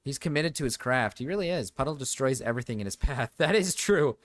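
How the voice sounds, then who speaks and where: Reacting on a live stream at a quick pace, this young man gets excitable, curses, laughs a lot and lets out sudden high yelps. There's no echo on the recording.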